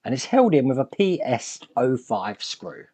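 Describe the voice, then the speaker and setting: A man's voice: mid-range voice, big pitch swings, unhurried, background noise. A man giving chatty, upbeat step-by-step commentary while building a large scale model at his workbench.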